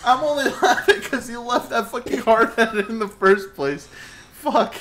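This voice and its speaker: A man's voice: very high voice, unhurried, reverberant, a little hiss or hum. A young man co-hosting a let's play, laughing and swearing in casual chat. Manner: laughing, profane, animated. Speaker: gaming channel co-host.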